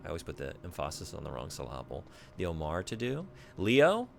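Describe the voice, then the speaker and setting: Deep gravelly guy streaming a game, rambly, voice bouncing all over, answers chat. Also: wildly swooping pitch, a little fast, slight background noise. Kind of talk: casual gaming stream chat.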